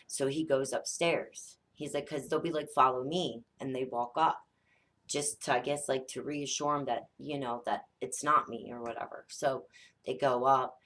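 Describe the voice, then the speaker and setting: A woman in her thirties, a mother telling a spooky family story in a casual, animated way, swearing often and acting out the dialogue. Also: deep voice. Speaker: psychic vlogger, mother.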